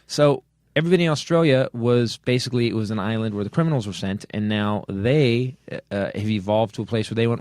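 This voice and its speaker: A man hosting a comedy podcast, ranting in an animated, rambling way with many restarts. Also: fairly low pitch, brisk, few pauses, no echo. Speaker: podcast host. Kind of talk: comedic political rant. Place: studio.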